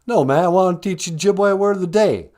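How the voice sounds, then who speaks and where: A man's voice: high voice, brisk, darkish tone, pitched above the performer's own voice, natural voice. A man voicing a brash, pushy woman caller who teases and bosses the host around. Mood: chatty. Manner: brassy, calls the host a fool.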